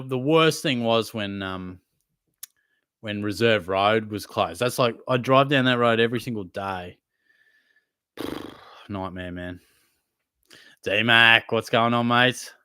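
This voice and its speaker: A man's voice: lowish voice, bright, forceful tone, clean tone, no echo, studio quality. A young man hosting a casual live Q&A, reading out viewers' questions and answering them in a laid-back, matey way. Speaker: livestream host answering chat questions.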